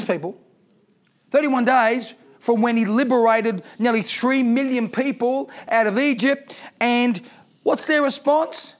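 A man's voice: extremely high pitch, normal speed. A man preaching a sermon as pastor, reading scripture aloud and asking the congregation rhetorical questions.

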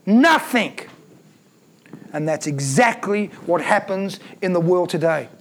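A man's voice: high-pitched, moderate pace, slight background noise. A man preaching a sermon, reading scripture aloud and breaking off to comment with emphatic repeated phrases and rhetorical questions.

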